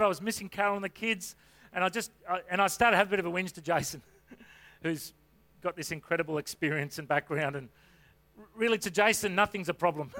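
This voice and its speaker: A man preaching a sermon, telling a personal story in a conversational way and rising to loud, fervent calls of faith. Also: high-pitched.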